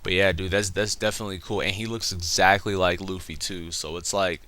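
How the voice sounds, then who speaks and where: A young man ambles through a casual comic review, swearing freely as he goes. His voice sits a little low but comes across bright and crisp. He tells the story in a loose, rambling way. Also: steady tone, fairly quick. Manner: rambling, profane, laughing retelling. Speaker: manga reviewer.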